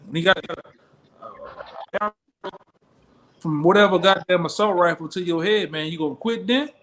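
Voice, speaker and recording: Male street preacher, slightly high voice, blunt and slangy, challenging. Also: moderate pace, a little hiss or hum. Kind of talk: street-style sermon.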